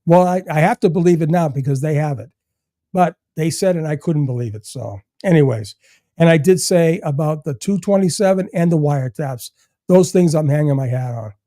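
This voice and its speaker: Animated older man telling stories warmly. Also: a little high, fairly quick, dry recording, studio quality. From Massachusetts. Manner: animated storyteller who acts out other people's lines and swears freely. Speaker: guest. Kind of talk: casual podcast chat.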